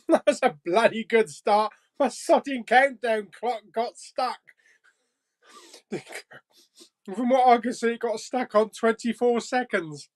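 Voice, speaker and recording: A man's voice: extremely high pitch, slow pace, pauses often. A man hosting a casual live chat stream and reading viewer comments, jokey, laughing often and swearing casually.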